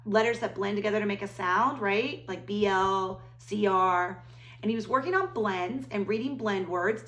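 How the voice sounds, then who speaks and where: A woman teacher reading a picture book aloud to children, animated, with gasps and exclamations. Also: medium pitch. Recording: roomy echo.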